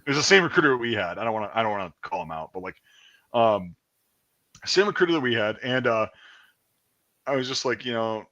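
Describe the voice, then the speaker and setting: A man tells a story as a podcast host in loose, casual talk, swearing freely. His pitch swings widely as he acts out the people he quotes. The voice sits in a middle register. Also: brisk, pauses often, dull audio. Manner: profane, animated, acts out quotes.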